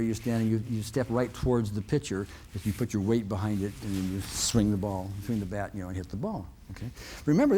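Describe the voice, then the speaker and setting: A man's voice: medium pitch, mellow, slightly rough. A man telling a long personal story to an audience in a folksy way, often chuckling and checking in with "okay?". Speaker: motivational speaker.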